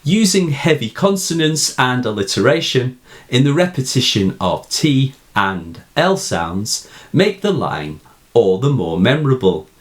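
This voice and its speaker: A man with a British accent, giving a scripted, deliberate analysis of a poem as a teacher. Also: medium pitch. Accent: British English. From England. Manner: slow, deliberate, emphatic reading. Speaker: poetry teacher.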